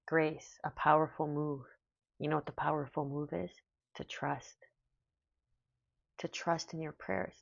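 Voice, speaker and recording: Soft-spoken low gravelly woman. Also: fairly even intonation, no echo. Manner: soft, slow, emotional and affirming. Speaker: tarot reader. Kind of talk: spiritual tarot reading. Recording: dull, lo-fi sound.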